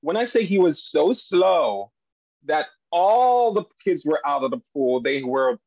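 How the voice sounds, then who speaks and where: A man who is a podcast guest, telling family stories in an animated way and jumping high in pitch when he quotes people. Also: measured pace, no echo, highs cut off. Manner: animated storyteller, voice jumps high for quoted lines. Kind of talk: storytelling in a podcast interview.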